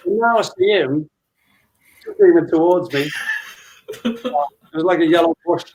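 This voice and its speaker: Man in his fifties, fairly high voice, laughing storyteller, casual interview guest. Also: measured pace, rough recording. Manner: laughing, animated anecdote-telling. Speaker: former footballer, guest.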